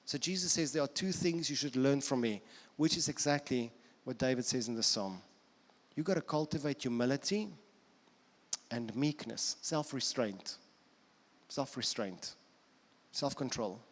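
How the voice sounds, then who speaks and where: A man's voice: mid-range voice, moderate pace. A man with a South African accent, a pastor preaching an earnest sermon who repeats phrases for emphasis. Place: church auditorium. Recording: long church hall reverb.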